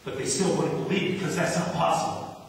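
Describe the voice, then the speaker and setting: A man's voice: a little high, steady tone, brisk, vocal fry. A man from New Jersey preaching a sermon as pastor, talking conversationally and acting out quotes. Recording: echoey hall, distant mic.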